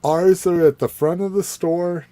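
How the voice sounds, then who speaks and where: A man's voice: high-pitched, fairly even intonation, unhurried, mellow, no room sound. A man hosting a casual podcast chat about toy collecting, rambling with fillers and restarts. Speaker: podcast host.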